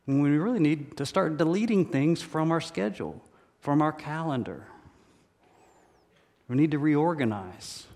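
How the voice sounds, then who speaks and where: A man's voice: fairly high pitch, expressive, unhurried, pauses often, darkish tone. Man preaching in a reverberant hall. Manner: repetitive, emphatic preaching with humorous anecdotes. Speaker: pastor. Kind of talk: sermon.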